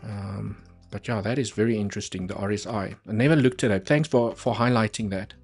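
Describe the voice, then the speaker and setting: A man's voice: lowish voice, brisk, a little mellow, husky, faint music behind. A man talking casually through trading charts on a live stream, chatty and repeating points for emphasis.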